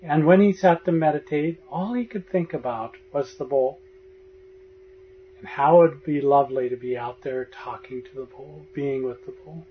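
A man giving a meditation talk as a spiritual teacher, telling a parable in a gentle storytelling manner and acting out the voices in it. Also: on the high side, moderate pace, slight background noise. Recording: dull lo-fi recording.

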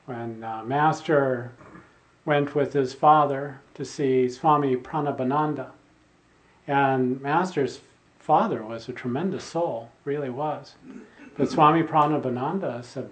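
A man's voice: mid-range voice, measured pace. An older man, a spiritual teacher, giving an earnest sermon and repeating key phrases for emphasis.

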